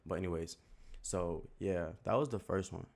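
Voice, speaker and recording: A man's voice: low-pitched, normal speed, creaky, a little mellow. A young man with a Southern US accent telling a story in a rambling, slangy way full of filler words. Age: young adult. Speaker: YouTuber. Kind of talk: casual storytelling.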